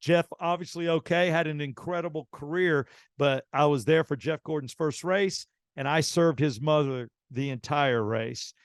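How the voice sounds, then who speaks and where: Animated man telling a story. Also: a little high, normal speed, hardly any pauses, clear, resonant tone, no echo, clean studio sound. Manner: animated anecdote teller, acts out quoted dialogue. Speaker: radio show host. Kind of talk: casual storytelling.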